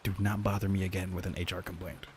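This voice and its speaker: A man's voice: low-pitched, little pitch movement, quick pace, darkish tone, slight background noise, natural voice. A man voicing a sleazy office boss who brushes off complaints in a bossy, dismissive way.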